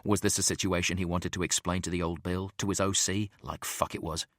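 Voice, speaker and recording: A man reading a thriller audiobook in steady, measured narration. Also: sits low, no room sound, studio quality. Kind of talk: scripted narration.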